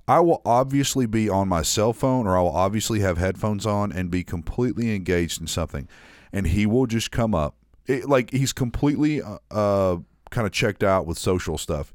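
Man, very low voice, slight southern drawl, rambling casual storyteller, dry close sound. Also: no echo. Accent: slight Southern American drawl. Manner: rambling storyteller, many restarts. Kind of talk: casual chat.

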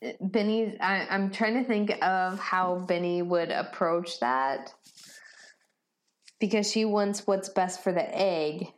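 A woman's voice: fairly low pitch, slow pace. A woman playing a tabletop game, thinking aloud in a hesitant, casual way. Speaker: player.

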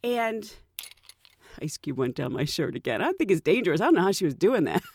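A woman's voice: lowish voice, brisk, husky, no room sound, studio quality. A woman flight attendant hosting a casual chat, telling stories with frequent laughter. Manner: lively, laughs often while telling stories. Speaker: flight attendant and podcast host.

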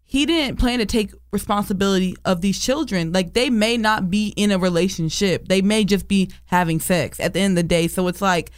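A woman's voice: medium pitch, fairly quick, few pauses, smooth, dry recording. Woman reasoning it out in a dry room. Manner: reasons through the situation step by step. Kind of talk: casual group discussion.

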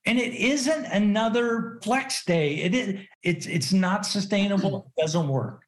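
Podcast guest, middle-aged man, slightly high voice, animated storyteller who acts out quotes. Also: measured pace. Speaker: podcast guest, business consultant. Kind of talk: casual interview storytelling.

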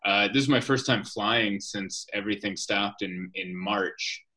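Man, comedian guest, bright forceful tone, wry joking stories, casual chat. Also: fairly low pitch, unhurried.

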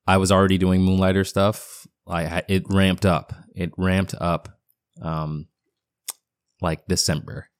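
A man's voice: low-pitched, no echo, clean studio sound. A man in his thirties with a partial Boston accent, hosting his own podcast and giving a casual, rambling solo update with fillers and restarts. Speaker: podcast host. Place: home basement.

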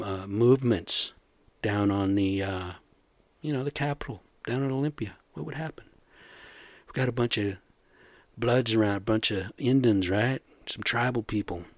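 Angry profane man, fairly low voice, dry close sound, sarcastic rant. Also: moderate pace, no room sound. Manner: angry, sarcastic, profane, drifting between loud outbursts and muttering. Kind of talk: profane ranting monologue.

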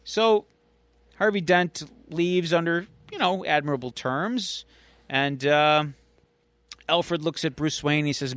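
A man co-hosts a podcast, casually retelling a comic plot scene by scene. His voice sits fairly high and sounds smooth and clear on a dry close mic. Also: slow pace, a bit bright, dry recording. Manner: chatty storyteller, acting out quotes. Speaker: podcast co-host. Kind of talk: casual recap of a comic story.

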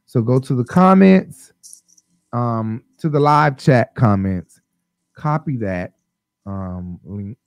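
Loose, rambling, high male live-stream host, dry mic. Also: animated, slow pace, gravelly, no room sound, low-quality recording. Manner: loose, rambling, many ums and laughs. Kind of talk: casual live-stream chat.

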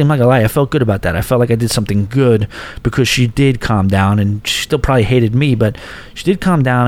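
A man hosting a podcast, telling a casual story and quoting people in lively raised voices. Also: medium pitch. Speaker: podcast host.

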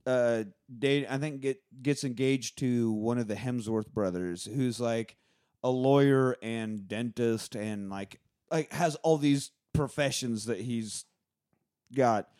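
A man's voice: mid-range voice, slow pace, darkish tone, clear, resonant tone, no echo. Dry-sounding man recapping a movie. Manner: recaps scenes with mocking paraphrase. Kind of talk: casual movie commentary chat.

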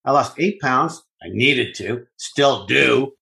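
Pria bercerita dengan kasar dan bersemangat. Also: male voice, medium pitch, slow pace, gravelly, poor audio. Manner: profane, animated storytelling. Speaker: podcast co-host. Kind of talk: casual podcast chat.

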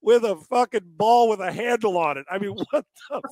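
A man's voice: sits high, normal speed, a little mellow, no echo. A man who trains quarterbacks, telling stories in a casual, exasperated way and swearing freely as he mocks gimmicky training. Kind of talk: casual profane storytelling.

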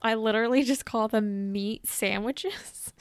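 A woman hosting a podcast in casual chat, tired but cheerful, chatty and quick to laugh. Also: on the high side, a little hiss or hum. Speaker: podcast host.

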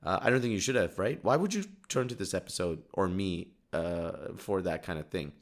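A man's voice: low voice, lively intonation, normal speed. A man in his thirties from Dubai hosting a casual solo podcast, rambling and self-deprecating, laughing often and restarting his sentences. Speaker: podcast host.

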